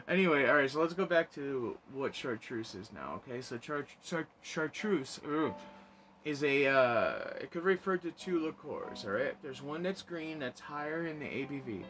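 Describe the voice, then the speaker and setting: A man's voice: a little high, expressive, normal speed, fairly bright tone, highs cut off. A man hosting a casual cocktail vlog, chatty and enthusiastic, often laughing and repeating himself. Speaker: cocktail show host. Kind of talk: casual spirits review vlog. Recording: music playing behind.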